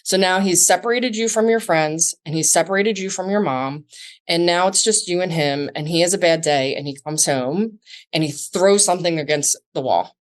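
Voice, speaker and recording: A woman's voice: lowish voice, normal speed. A woman guest on a podcast, talking through a scenario in a storytelling way and acting out the quoted dialogue. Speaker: guest, self-defense instructor. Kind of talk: conversational podcast interview.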